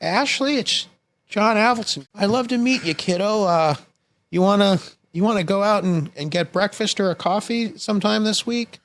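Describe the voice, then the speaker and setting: A man playing an older father leaving a cheerful, folksy phone message. The voice is pitched sharply up from a man's normal register and sounds casual and warm-hearted. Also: normal speed. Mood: friendly.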